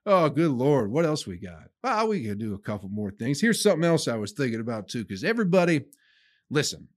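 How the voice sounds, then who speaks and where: A man's voice: mid-range voice, sing-song, brisk, no echo, studio quality. A man hosting his own comedy podcast, delivering a rambling, profane monologue that he aims at listeners he calls people. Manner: acts out his own inner voice in quotes.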